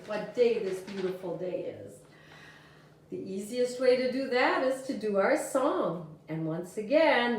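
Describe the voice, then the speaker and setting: A woman teacher giving a video lesson to young children, gentle and sing-song as she talks to the kids. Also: on the high side, recorded from a distance. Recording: echoey room, voice from off the mic, faint noise.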